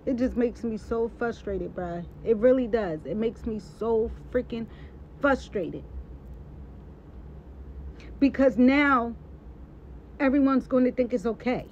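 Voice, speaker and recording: A woman speaks in a high voice, heated and emphatic, hammering her points home through repetition. The sound is dull and lo-fi, with faint noise behind her. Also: slow pace, long pauses, a little mellow. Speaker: social media personality. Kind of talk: impassioned live-stream rant.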